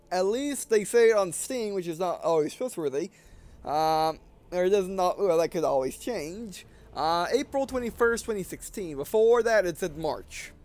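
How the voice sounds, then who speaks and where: A man's voice: high voice, a little mellow. A man hosting a gameplay video, talking casually in a rambling way, full of ums and mid-sentence corrections. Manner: rambling, filler-heavy, often corrects himself mid-sentence. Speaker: gaming video host.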